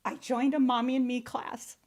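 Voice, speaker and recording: Woman podcast host in her 40s, earnest and emphatic, slightly high voice, studio mic. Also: little pitch movement, moderate pace. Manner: earnest, emphatic, speaks straight to listeners. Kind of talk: heartfelt solo podcast monologue. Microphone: studio microphone.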